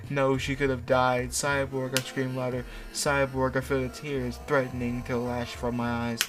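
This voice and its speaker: A man's voice: mid-range voice, completely flat delivery, normal speed, music in the background. Young man mock-reading cringy fanfic aloud. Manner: mock-dramatic reading broken by crude, joking asides. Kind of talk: comedic dramatic reading with commentary.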